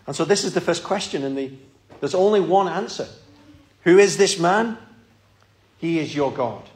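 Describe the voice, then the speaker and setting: A man's voice: on the high side, lively intonation, normal speed. A man preaching a sermon in a church, earnest and pleading, often repeating his words.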